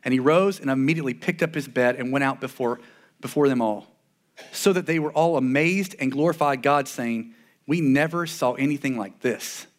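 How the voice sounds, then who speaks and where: A man's voice: medium pitch, normal speed. A man preaching a sermon as a pastor, talking earnestly and conversationally, often restarting his sentences.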